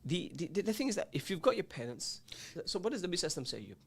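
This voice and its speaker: A man's voice: high voice, sing-song, very fast, creaky, slightly rough. A man hosting a radio talk show, giving earnest, emphatic advice that lists points and repeats them.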